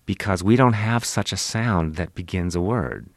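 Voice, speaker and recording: Deep-voiced professor explaining, dry studio sound. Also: male voice, no echo. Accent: Western Pennsylvania. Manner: measured, lecturing, demonstrates speech sounds. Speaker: linguistics professor, interview guest. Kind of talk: explanatory interview answers. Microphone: studio microphone, close.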